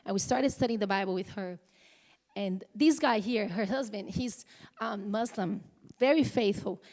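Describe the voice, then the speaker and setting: A woman giving a live conference talk, speaking conversationally with halting restarts. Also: medium pitch, a little mellow. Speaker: presenter. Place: conference hall. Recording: long hall reverb.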